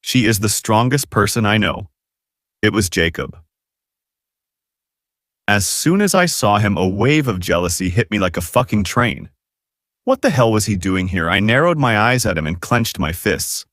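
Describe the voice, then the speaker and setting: A man's voice: on the low side, lively intonation, moderate pace, a bit bright, no room sound, clean studio sound. A man narrating a romance novel audiobook in the first person, with dramatic, emotive storytelling.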